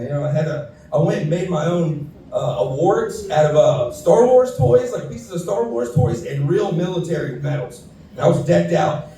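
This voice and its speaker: On a saloon stage, a man from Houston, Texas, does a stand-up set of profane stories, quoting the people in them in their own voices. His voice is a little high and warm, heard from a distance in an echoey room with slight background noise.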